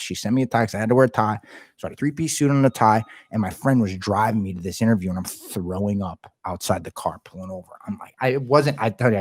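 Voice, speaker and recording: Low-voiced man telling a story, swearing freely. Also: dry recording, clean studio sound. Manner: animated, swearing, acts out quoted dialogue. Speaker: podcast guest. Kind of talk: casual storytelling.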